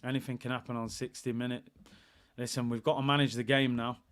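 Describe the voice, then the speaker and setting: Hosting a live football watchalong, this young man commentates on the game, reads messages from chat, and yells when play gets intense. His pitch is medium, his tone level, and his pace quick.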